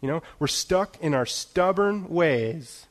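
A man's voice: a little high, animated, slow. Casual, chatty male preacher. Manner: conversational, many "you know" fillers, laughs at himself. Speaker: pastor. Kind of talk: sermon.

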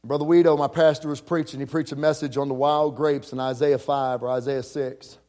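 A man's voice: mid-range voice, flat delivery, brisk, darkish tone. A man preaching a personal story, acting out the voices of people he quotes, with frequent repeated words. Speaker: pastor. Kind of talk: storytelling sermon.

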